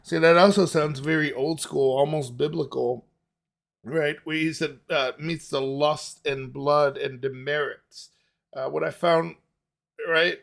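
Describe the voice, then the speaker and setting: With music running behind him, a man with a slightly high, gravelly voice reacts to music at a measured pace and fairly even intonation. His casual musing is packed with fillers and restarts, and he laughs readily.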